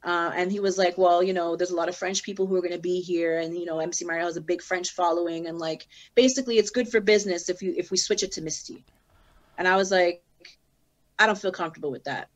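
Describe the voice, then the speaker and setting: Animated woman telling a story. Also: on the low side, fast, highs cut off. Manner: animated, acts out both sides of conversations. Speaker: guest; rapper. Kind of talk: casual storytelling.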